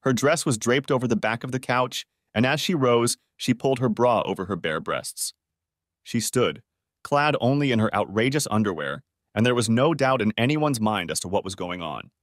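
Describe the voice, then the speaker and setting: A man narrating a dramatic first-person story in an expressive way, close to the mic. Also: mid-range voice, moderate pace, no echo.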